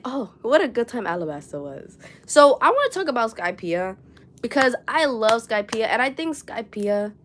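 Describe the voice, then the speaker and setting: A woman's voice: mid-range voice, a bit bright. A young woman with a New York accent, chatting casually and rambling on a crochet livestream from her room at home, swearing now and then and reading viewer comments aloud. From New York City.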